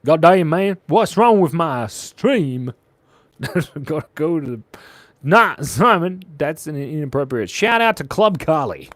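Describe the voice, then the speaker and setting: A man chats loosely while he draws live for his viewers, reading their messages and answering with goofy puns. His voice bounces between highs and lows with lively energy. The sound is dry and close, with no room echo. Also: measured pace. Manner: jokey, playful, reads chat aloud. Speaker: livestream artist. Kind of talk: live-stream drawing chat.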